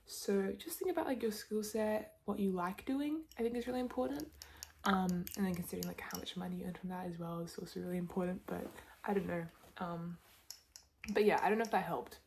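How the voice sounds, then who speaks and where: A young Australian woman in her twenties, rambling through a whispered ASMR Q&A between soft spoken and whispered words, with lots of "like" fillers. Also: mid-range voice, gravelly. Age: 20s. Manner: rambling, chatty, many "like" fillers. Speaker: ASMR creator. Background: tapping clicks.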